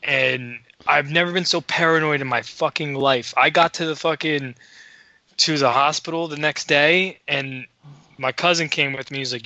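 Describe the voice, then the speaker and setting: A man co-hosting a podcast, telling a story in casual chat, excitable and full of swearing. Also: on the high side, normal speed, no room sound, dull audio. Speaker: podcast co-host.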